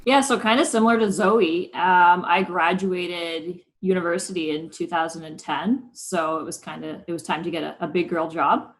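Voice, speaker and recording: A woman in her thirties, a senior district manager, telling a story in a friendly, steady, casual way. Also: lowish voice, moderate pace, few pauses, poor audio. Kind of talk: casual interview chat.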